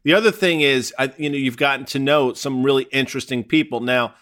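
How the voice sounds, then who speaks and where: A man co-hosts a casual podcast. His voice is mid-pitched, and he keeps up a joking, teasing banter with his guest. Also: a little fast, a bit bright. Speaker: podcast co-host.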